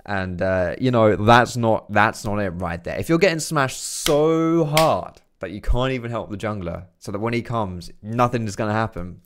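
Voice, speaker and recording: A young man giving casual, swearing gameplay commentary, chatty and quick to laugh. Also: fairly low pitch, noisy background. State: out of breath. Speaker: gaming commentator.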